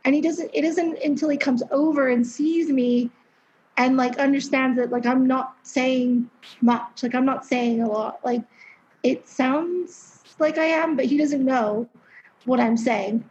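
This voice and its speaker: A woman's voice: sits high, fairly even intonation, normal speed, darkish tone. A young woman in her twenties telling her story as a podcast guest, chatty and candid, with lots of fillers and some swearing. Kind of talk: casual interview storytelling. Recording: dull lo-fi sound.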